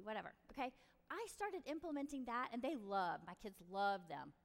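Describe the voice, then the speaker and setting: A middle-aged woman giving parenting advice in a chatty, animated storytelling way. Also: on the high side, normal speed, vocal fry. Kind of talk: casual advice talk. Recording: reverberant room.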